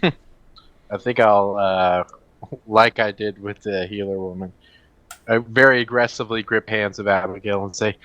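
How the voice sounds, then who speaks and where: A man's voice: lowish voice, fairly even intonation, measured pace, pauses often, a bit bright, dry recording. A man playing in a tabletop game, laid-back and prone to laughing. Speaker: player.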